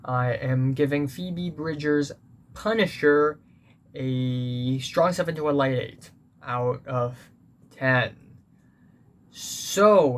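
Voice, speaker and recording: A man reviewing a music album in a casual, earnest way, pausing often with fillers and restarts. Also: medium pitch.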